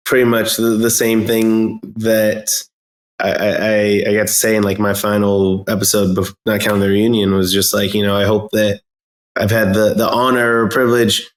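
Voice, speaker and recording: A man speaking earnestly as a podcast guest, halting and restarting often. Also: on the low side, level tone, echoey room. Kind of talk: casual interview talk.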